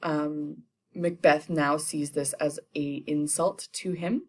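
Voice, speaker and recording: A young woman teacher retelling a play for students in a chatty, slangy way, tossing in quick playful character voices. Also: deep voice, fairly even intonation.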